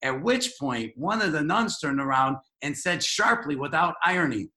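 A man's voice: a little high, lively intonation, moderate pace, sharp tone. A man hosting an interview, upbeat and easily amused, who also reads a passage aloud from the guest's book. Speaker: interview host. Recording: echoey room.

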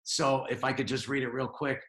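A man's voice: mid-range voice, level tone, a little fast, a bit bright. A man hosting an interview, upbeat and easily amused, who also reads a passage aloud from the guest's book. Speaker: interview host. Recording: echoey room.

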